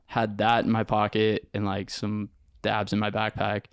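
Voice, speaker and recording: Young man, podcast guest, slangy animated storytelling, lowish voice, smooth clear tone, dry close sound. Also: moderate pace, dry recording. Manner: animated, slangy storytelling with many "like"s and acted-out quotes. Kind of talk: casual storytelling interview.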